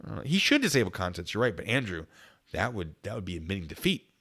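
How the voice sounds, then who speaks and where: A man's voice: low voice, very animated, quick pace, sharp tone, slightly rough. A man hosting a casual livestream, reading viewer comments aloud in a chatty, jokey way with frequent giggles. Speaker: channel host.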